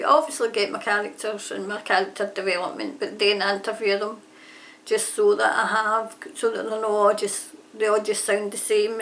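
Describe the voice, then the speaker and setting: A woman's voice: medium pitch, a bit bright, slight background noise. A woman chatting casually about her writing, rambling and often correcting herself mid-sentence. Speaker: aspiring author answering a tag. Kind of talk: casual chat. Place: home near a railway line. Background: trains passing.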